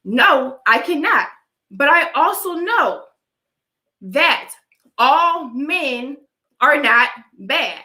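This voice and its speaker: Speaking extremely slowly with long pauses and big pitch swings, a young adult woman vlogger preaches her opinions to live chat in a casual livestream. Her high voice is pushed and bright; a dry allergy cough surfaces, and she often asks "all right?". The audio is roomy and poor.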